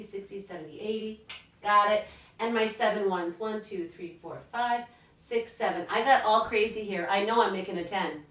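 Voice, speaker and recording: Bright, upbeat woman teacher in an echoey room. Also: fairly high pitch. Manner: upbeat, encouraging, addresses kids as friends. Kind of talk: recorded math lesson for students at home. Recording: echoey room, mic at a distance.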